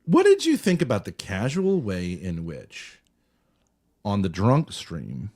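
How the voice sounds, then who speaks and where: A man's voice: fairly low pitch, huge pitch swings, slow pace, darkish tone. A man chatting casually as a streamer reviewing his call-in, rambling, joking and provocative. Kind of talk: casual chat.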